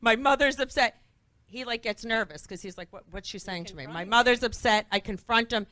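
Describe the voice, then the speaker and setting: A bright, forceful middle-aged woman, a guest on a talk show, telling stories with quick energy. She acts out the people she quotes, in a dry, close-sounding recording. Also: medium pitch, no room sound. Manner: lively, acts out quoted voices. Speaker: guest entrepreneur. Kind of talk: animated storytelling on a talk show.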